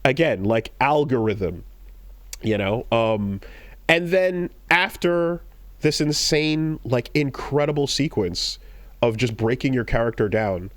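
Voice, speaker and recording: Animated man retelling a game story. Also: mid-range voice, slow pace, no echo. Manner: animated storytelling, acts out quoted lines in raised voices. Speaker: podcast co-host. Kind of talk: casual chat.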